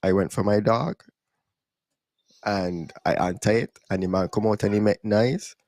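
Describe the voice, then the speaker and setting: A young man casually telling stories on a podcast, in relaxed creole-tinged English. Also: on the low side, measured pace, no echo. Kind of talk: casual storytelling chat.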